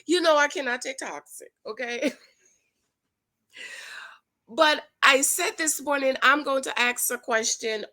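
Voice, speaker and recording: Calling her viewers "girl," a high-pitched woman delivers sassy, preachy dating-advice commentary on her own show. Her bright, forward-ringing voice stays loose and casual, like chatting with a friend, with a measured pace and long pauses.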